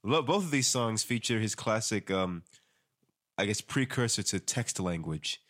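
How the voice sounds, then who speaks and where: Low-voiced dude on a podcast, laid back, lots of ums, trips over tongue twisters. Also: male voice, unhurried. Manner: relaxed, fillers, stumbles on tongue twisters. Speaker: podcast co-host. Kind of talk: casual chat.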